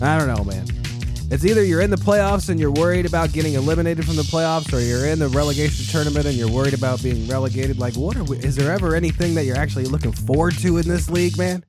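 A man's voice: a little high, quick pace, music in the background. A man hosting a podcast, chatting casually with laughs, swearing and dramatic complaints. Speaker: podcast host. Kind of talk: casual chat.

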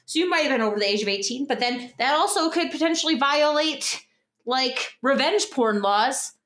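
A woman's voice: high-pitched, lively intonation, moderate pace, a bit bright, roomy sound. A young woman co-hosting a casual advice podcast, chatty and full of fillers. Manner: chatty storyteller, lots of fillers and acted quotes. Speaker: podcast co-host.

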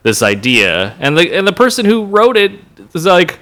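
A man's voice: high-pitched, moderate pace. A man in his thirties, a podcast co-host, talking casually and playfully and laughing often. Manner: animated, laughs often, playful put-on voices. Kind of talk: casual chat.

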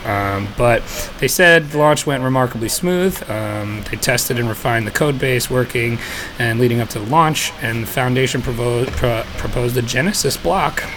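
A man's voice: mid-range voice, noisy background. A man hosting a podcast in casual chat, laid-back, with many fillers and frequent laughs. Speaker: podcast host.

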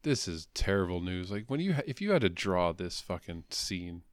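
Low-voiced man, crude joking chat. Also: very animated, normal speed, no room sound, clean studio sound. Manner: crude, joking, rambling with many fillers. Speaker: podcast co-host. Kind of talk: casual comic book podcast chat.

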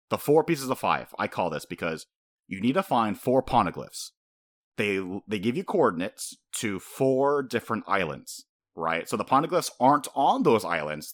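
A man co-hosting a casual podcast, talking fast and animated, laughing often and breaking into high-pitched impressions. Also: no room sound, clean studio sound. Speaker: podcast co-host. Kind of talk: casual chat.

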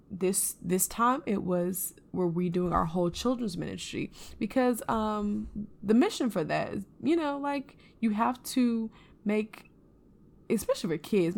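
A woman co-hosting a casual faith podcast, telling a personal story in an earnest, animated way. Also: medium pitch, gravelly. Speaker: podcast co-host.

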